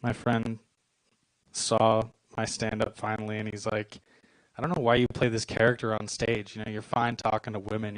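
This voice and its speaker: Performing stand-up at a club, a man in his twenties keeps things deadpan and self-deprecating, with short punchlines. His voice is lowish and at a normal speed, with no room sound and poor audio.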